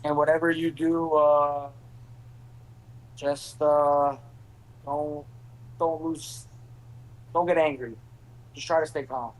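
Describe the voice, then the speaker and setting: Casual male guest, rambling delivery, slightly high-pitched. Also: steady tone, slow pace, long pauses, poor audio. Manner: rambling, lots of fillers. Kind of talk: casual chat.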